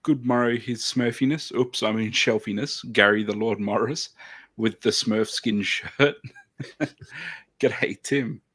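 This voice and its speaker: A man's voice: on the low side, slow, fairly bright tone. A man co-hosting a hobby livestream, reading out viewer comments with frequent hesitant fillers. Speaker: livestream co-host. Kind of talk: casual chat. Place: home studio, on a video call.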